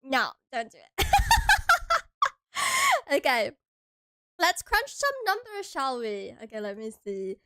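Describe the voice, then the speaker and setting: A woman's voice: fairly high pitch, sing-song, measured pace, sharp tone, smooth, no echo. A young American woman streaming and chatting casually with her viewers, playful and giggly. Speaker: vtuber streamer.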